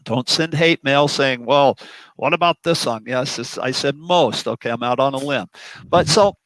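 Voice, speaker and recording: A drum teacher talking through a song chart in a relaxed roundtable, counting beats aloud as he demonstrates grooves. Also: mid-range voice, moderate pace, dry recording, low-quality recording.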